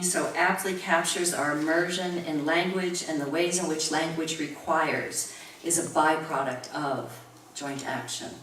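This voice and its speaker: A woman's voice: low voice, a little hiss or hum. A woman in her sixties, a professor reading a reflective academic tribute talk with personal anecdotes. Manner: measured, reflective reading, chuckling during anecdotes. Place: university lecture room. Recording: roomy room recorded from far off.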